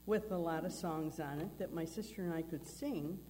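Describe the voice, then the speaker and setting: A woman's voice: low voice, moderate pace, mellow. A woman guest singer chatting to a congregation and asking the children questions, in a reverberant hall. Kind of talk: casual talk to a congregation. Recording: church hall reverb, faint hum.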